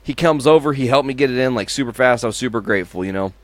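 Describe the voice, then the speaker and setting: A man's voice: mid-range voice, very fast, no room sound. A man co-hosting a podcast, telling stories in casual chat, swearing freely and imitating sounds. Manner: animated storyteller, swears freely, mimics sounds. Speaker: podcast co-host.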